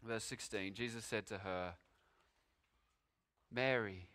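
A man preaching a sermon, his delivery swinging between loud, emphatic declarations and hushed, slow pauses. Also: a little high.

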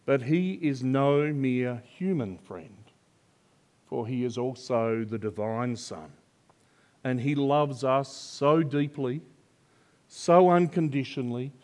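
An older man preaching a sermon, slow and earnest, building to emphatic swells of conviction. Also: mid-range voice, a little mellow. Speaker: pastor.

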